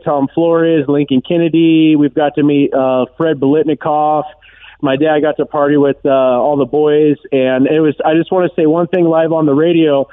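Earnest male caller on a tinny phone line. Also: on the high side. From Southern California. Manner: earnest, rambling fan enthusiasm. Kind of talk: phone call to a radio show.

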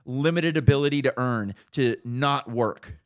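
A man's voice: mid-range voice, measured pace. A man co-hosting a podcast, telling stories in a profane, ranting way in casual chat. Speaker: podcast co-host.

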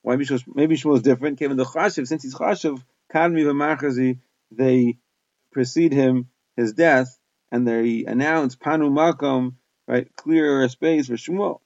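A man's voice: medium pitch, fairly even intonation, measured pace, vocal fry, a little mellow, dry recording. A man teaching a Talmud lesson, reading Aramaic phrases and explaining them in plain English with small hesitations. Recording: dull, dry close recording.

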